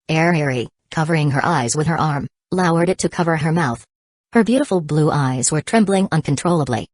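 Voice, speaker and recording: Low-voiced woman narrating an audiobook. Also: expressive, normal speed, darkish tone, dry recording. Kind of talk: scripted narration.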